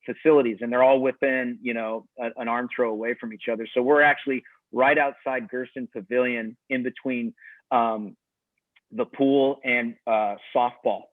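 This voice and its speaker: A man's voice: mid-range voice, steady tone, moderate pace, no echo. Man, tennis coach, easygoing rambling answers, tinny phone-like sound, dry and close. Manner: easygoing, rambling with many restarts. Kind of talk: casual interview answers.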